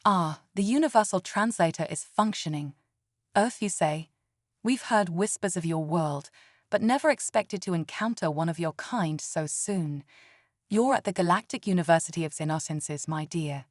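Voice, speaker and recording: A courteous tree-like alien professor speaks with a melodious, formal cadence, as a woman narrator reads him in her low voice. The delivery is measured, and the sound is dry and close. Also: no echo, natural voice. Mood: curious. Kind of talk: scripted narration.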